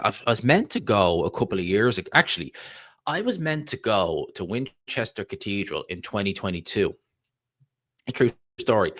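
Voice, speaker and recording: A man's voice: on the low side, a bit bright, no room sound. A man with a Dublin Irish accent hosting a casual live stream, rambling chattily and reading out viewer comments. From Ireland. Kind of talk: casual live-stream chat about boxing.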